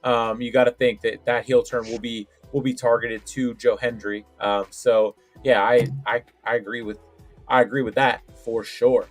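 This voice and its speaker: A man's voice: medium pitch, little pitch movement, moderate pace, soft background music. A man co-hosting a podcast, chatting casually with lots of restarts and filler. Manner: rambling, full of restarts and "like". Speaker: podcast co-host. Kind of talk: casual wrestling predictions chat.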